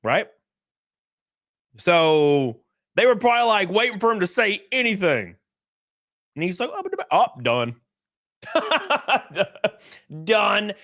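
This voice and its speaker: Animated, profane man streaming live. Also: high voice, slow pace, pauses often, no echo, clean studio sound. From California. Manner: profane, laughing, acts out other people's voices. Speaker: livestream host. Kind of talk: casual livestream commentary reading chat.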